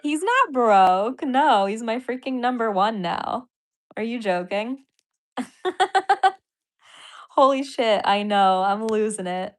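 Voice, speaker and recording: Her voice sits on the high side, expressive and a little slow, as this comedian and podcaster reacts to donations during a casual livestream. Giddy and full of apologies, she laughs a lot and pours out thanks to her viewers.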